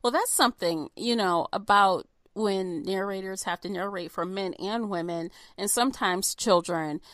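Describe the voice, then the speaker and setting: A woman's voice: mid-range voice, normal speed, fairly bright tone, no room sound, clean studio sound. A woman hosting a book podcast, asking questions and sharing opinions in a curious, conversational way. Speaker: podcast host. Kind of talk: conversational interview.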